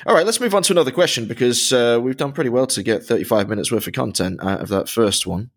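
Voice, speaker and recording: A man's voice: medium pitch, lively intonation, fast talker. A man in his thirties co-hosting a podcast, chatting casually and at length with self-deprecating asides. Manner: chatty, self-deprecating, long winding answers. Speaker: podcast co-host. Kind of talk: casual chat.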